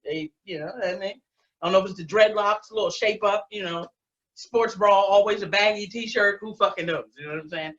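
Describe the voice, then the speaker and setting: A woman's voice: mid-range voice, a little fast, a bit bright. Forties woman, stand-up comic; brash, profane storytelling, muffled online stream audio. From Baltimore, USA. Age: 40s. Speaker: stand-up comedian. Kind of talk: stand-up comedy set.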